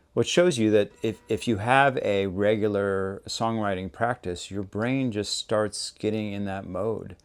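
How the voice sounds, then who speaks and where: A man hosting a songwriting lesson, explaining step by step in a relaxed, conversational way. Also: sits low, creaky. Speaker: songwriting teacher, show host. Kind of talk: casual instructional talk.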